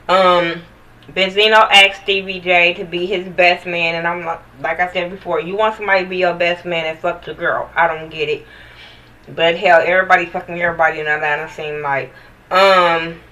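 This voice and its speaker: A woman's voice: on the low side, bright, forceful tone, recorded from a distance, low-quality recording. A woman giving a blunt, profane, sassy recap of a reality TV episode in casual chat, talking straight to the viewers.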